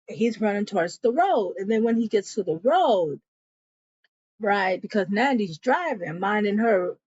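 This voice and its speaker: In her chatty TV episode review, a woman acts out what the characters said and talks to her audience as "y'all." Her voice is on the high side, darkish and slightly rough, and the echo-free recording has its highs cut off.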